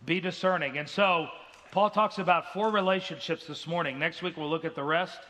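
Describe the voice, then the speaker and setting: A man's voice: a little high, steady tone, moderate pace, sharp tone, in a large hall. A male pastor preaching an earnest sermon in a church, now and then acting out the voices of people in his stories. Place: church sanctuary.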